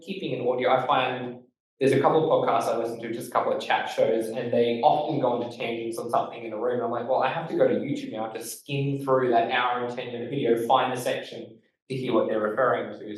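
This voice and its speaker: Fast-talking Australian man, echoey room, distant. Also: mid-range voice. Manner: fast-talking, emphatic, loose with fillers. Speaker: podcast host giving a talk. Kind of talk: casual instructional talk.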